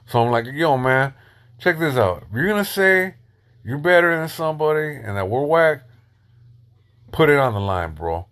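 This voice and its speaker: A middle-aged man spinning a long story on a live stream, speaking in relaxed street slang. He pauses with plenty of "um"s and "you know"s and stops now and then to shout out people watching. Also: mid-range voice, smooth. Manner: loose street slang, many fillers, shouts out viewers.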